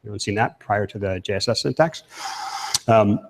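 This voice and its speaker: A man's voice: fairly low pitch, normal speed, creaky. Casual male speaker in reverberant hall. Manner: casual, asks the audience questions. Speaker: conference speaker. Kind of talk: live technical talk. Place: talk room with audience.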